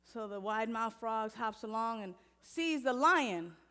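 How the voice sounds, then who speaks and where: A woman minister preaching in a high, light voice. She talks straight to her congregation in a lively, playful way and eases into a softer, slower guided meditation. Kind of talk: sermon.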